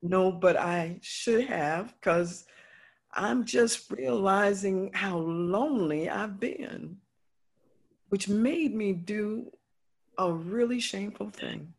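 A woman's voice: medium pitch, slow, vocal fry. A woman playing a remorseful, motherly friend who confesses a wrong in earnest, heartfelt words in a stage play. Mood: confessing, earnest.

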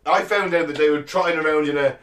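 A man's voice: on the high side, fairly even intonation, fast talker, a bit bright. A man co-hosting a casual chat, rambling with restarts and sweary asides, recorded in an echoey room away from the mic. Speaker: podcast co-host. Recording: roomy, far from the mic.

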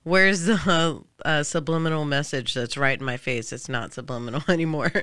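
Bright, smooth-voiced chatty woman host. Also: low voice, normal speed, dry recording, clean studio sound. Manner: laughs often, chatty and loose. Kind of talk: casual chat.

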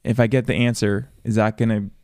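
A man's voice: fairly low pitch, steady tone, a little fast, a little mellow, no echo, clean studio sound. A man in a casual faith chat, thoughtful and affirming as he adds his own reflections. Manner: thoughtful, affirming listener who offers quotes.

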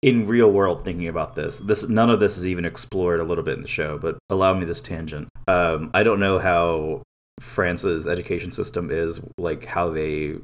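A man's voice: deep voice, fairly even intonation, moderate pace. A man co-hosting a casual anime podcast, talking loosely and going off on tangents with easy laughter. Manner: loose, digressive, laughs easily. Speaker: podcast co-host.

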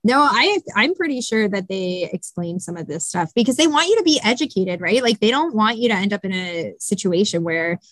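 A woman's voice: medium pitch, lively intonation, fairly quick, few pauses, a bit bright, no echo. A woman hosting a podcast in casual chat, talking things through with frequent restarts. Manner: chatty, thinks aloud with many restarts. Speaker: podcast host.

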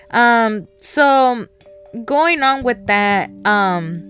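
A woman's voice: on the high side, slow, a bit bright. Rambling chatty woman with faint music. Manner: rambling, chatty, lots of fillers and laughs. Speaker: wrestling fan commentator. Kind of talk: casual solo commentary.

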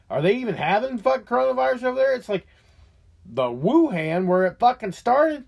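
A man's voice: sits high, a little mellow, husky. A man hosting his own show, delivering a heated, profane political rant. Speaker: show host.

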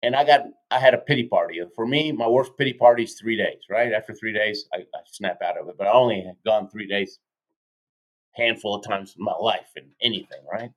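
A man in his fifties, a motivational speaker telling stories as a podcast guest, energetic and tagging lines with "right?". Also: on the low side, fairly quick, rough recording. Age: 50s. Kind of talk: animated storytelling in a podcast interview.

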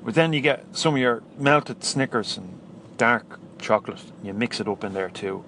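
A man's voice: medium pitch, normal speed, a bit bright, a little hiss or hum. A man with an Irish accent hosting a podcast, talking casually and enthusiastically with plenty of restarts. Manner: chatty, rambling, enthusiastic, frequent restarts. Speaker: podcast host. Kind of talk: casual solo podcast talk.

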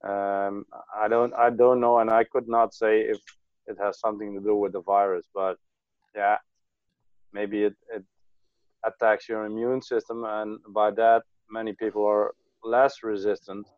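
Hesitant low-voiced man, dull mic. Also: flat delivery, measured pace, no echo. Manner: hesitant, repeats words. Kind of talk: casual online discussion.

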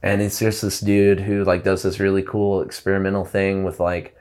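Man, lowish voice, musician guest, relaxed chat, rambling, lots of restarts and fillers. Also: moderate pace. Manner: loose and rambling, full of "like" and restarts. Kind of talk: casual interview chat.

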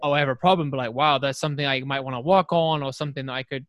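A man's voice: medium pitch, fairly even intonation, rapid-fire, fairly bright tone, no echo, dull audio. A man co-hosting a casual podcast chat, rambling and correcting himself, laughing often.

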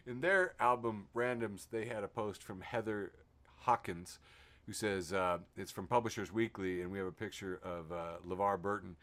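A man's voice: fairly low pitch, normal speed. A man hosting a podcast in casual chat, reading posts aloud with laughter and put-on voices. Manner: animated, laughing, reads posts in exaggerated voices. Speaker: podcast host.

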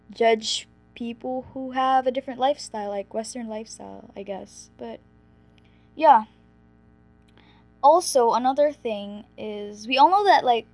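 A teenage girl casually telling stories from her school years, chatty and full of fillers, dropping into a hushed voice for the scary part. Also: fairly high pitch. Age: late teens. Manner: chatty, frequent "like" fillers, drops to a hushed scary voice for the ghost story. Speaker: vlogger. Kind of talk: casual storytime.

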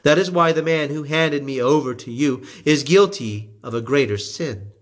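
A man voicing a calm, gentle condemned man in a scripture reading, measured and quiet. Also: fairly high pitch, lightly acted.

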